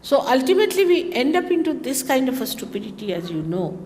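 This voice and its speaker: A woman's voice: high-pitched, very animated, quick pace, a little mellow. A woman tells wandering stories to listeners, breaking off for exclamations and asides. Her voice carries a long reverb, as if recorded in a big hall. A faint noise sits under it. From India. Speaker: speaker giving a talk. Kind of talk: anecdotal storytelling talk.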